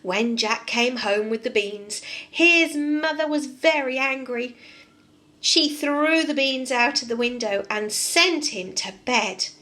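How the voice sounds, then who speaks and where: Slow, bright-voiced nursery teacher. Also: female voice, sits high. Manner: expressive, asks the children questions. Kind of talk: storybook read-aloud and lesson for young children.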